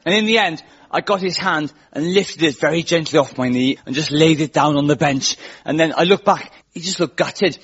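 A man's voice: on the high side, moderate pace, few pauses, fairly bright tone, husky. A man hosting a comedy show, telling dry, self-mocking stories to a live audience. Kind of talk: stand-up monologue before a live audience. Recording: dull lo-fi live recording with crowd laughter and noise. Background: audience laughter.

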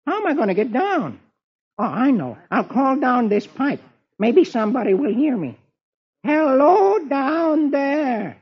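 A man voicing an easygoing young army private with a whiny, drawn-out voice, reading a comic strip aloud on an old radio broadcast. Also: extremely high pitch, sing-song, slightly rough, dull audio, voice pushed up, exaggerated voice. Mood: fretting.

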